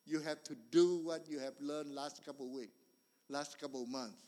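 High-voiced preacher in an echoing hall. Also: male voice, fairly even intonation, moderate pace. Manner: earnest, repetitive phrasing in non-standard English; swings between loud emphasis and quiet storytelling. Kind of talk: sermon. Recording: long reverb of a large hall.

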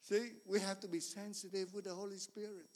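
High-voiced preacher in an echoing hall. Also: male voice, little pitch movement, brisk. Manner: earnest, repetitive phrasing in non-standard English; swings between loud emphasis and quiet storytelling. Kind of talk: sermon. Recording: long reverb of a large hall.

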